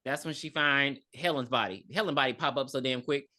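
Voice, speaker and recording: Bright-voiced woman recapping a movie. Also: very deep voice, brisk. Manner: blunt, animated retelling with frequent cursing. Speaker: podcast co-host. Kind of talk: casual chat recapping a movie.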